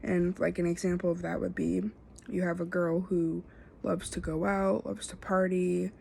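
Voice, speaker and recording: Young female student, low and gravelly, stumbling through an informal self-assessment with light hiss behind. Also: level tone, dark tone. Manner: halting, filler-heavy, self-correcting. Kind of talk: casual spoken self-assessment.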